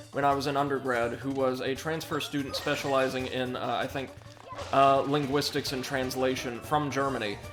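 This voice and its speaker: A young man casually commenting on a video game while reading viewer messages aloud. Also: medium pitch. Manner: rambling, chatty, reads chat aloud. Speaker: livestream gamer.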